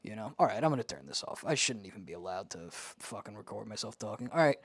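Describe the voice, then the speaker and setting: A young man rambling to camera in his home office, self-mocking, jumping between loud lines and mumbled asides. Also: on the low side, expressive, quick pace, husky, no room sound. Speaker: vlogger. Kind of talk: rambling casual vlog talk to camera. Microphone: camera he holds and turns.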